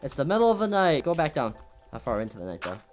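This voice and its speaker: A gameplay commentator talking over their own play, jumpy and quick to swear, yelping at every scare. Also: medium pitch, sing-song, faint music behind.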